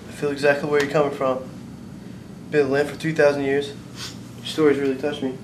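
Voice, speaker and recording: A young man playing a cocky male genie, three thousand years old, loud and excitable. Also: on the high side, fast talker, echoey room, background noise, lightly acted. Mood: sympathetic.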